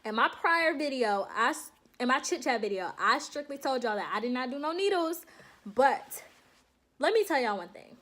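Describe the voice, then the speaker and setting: A young woman vlogging to her viewers in a casual, animated storytelling way, laughing often and calling them y'all. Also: high voice, normal speed. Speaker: vlogger recounting her enlistment processing.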